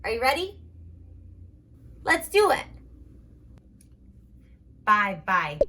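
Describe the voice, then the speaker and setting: A high, bouncy woman's voice rises and falls in big swoops as she plays with toy animals for small children. She speaks very slowly and repeats simple words in an exaggerated sing-song way, like a children's speech therapist leading a game. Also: sing-song, pushed and bright, slightly rough. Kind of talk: toy play narration for toddlers.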